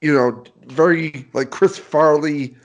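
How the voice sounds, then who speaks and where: A man's voice: on the high side, takes it slowly. Laughing man in casual chat. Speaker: podcast co-host.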